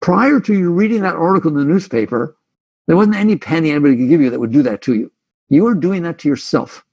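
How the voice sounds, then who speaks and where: A man with a gravelly, slightly husky voice gives a spiritual talk in a reflective, conversational way. He often slips into voicing his listeners' inner thoughts. The recording sounds dull and lo-fi. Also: fairly high pitch, lively intonation, fast, darkish tone. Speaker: spiritual teacher.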